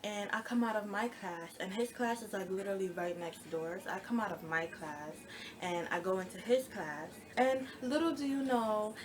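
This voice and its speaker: A young woman casually telling a personal storytime, acting out the quoted lines with lively, animated retelling. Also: mid-range voice, moderate pace, slight background noise. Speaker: storytime vlogger.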